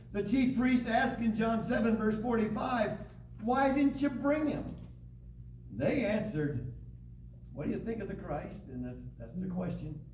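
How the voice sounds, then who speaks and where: High-voiced man teaching a Bible lesson. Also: a little mellow. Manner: reads scripture aloud with dramatic pauses. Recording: echoey room, distant mic, faint hiss.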